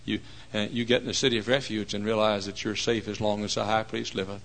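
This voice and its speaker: A man delivering a church sermon with a gravelly, rough edge to his voice. His tone is bright and forceful, and he keeps the preaching animated, breaking into shouts and acting out other people's words. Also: lowish voice, quick pace, rough recording.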